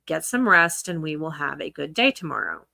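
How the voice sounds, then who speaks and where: A woman's voice: low-pitched, sing-song, normal speed, gravelly, sharp tone, no room sound. A woman commentary creator reading text messages aloud, with sarcastic asides between the quotes.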